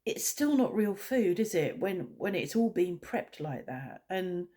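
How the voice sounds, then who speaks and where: A woman's voice: fairly low pitch, sing-song, unhurried, dark tone. A woman vlogger talking in a casual, rambling way, blunt and opinionated.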